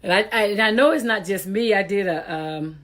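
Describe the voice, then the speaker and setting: A woman's voice: mid-range voice, brisk, a bit bright. A woman hosting a casual live-stream talk show, chatty, laughing often and exasperated at technical glitches, talking into a computer mic.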